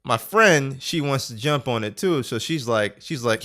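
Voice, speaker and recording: A young man, a podcast co-host, telling a story in casual chat and acting out quotes, laughing often. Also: moderate pace. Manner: animated, acts out quotes with big pitch jumps, laughs often.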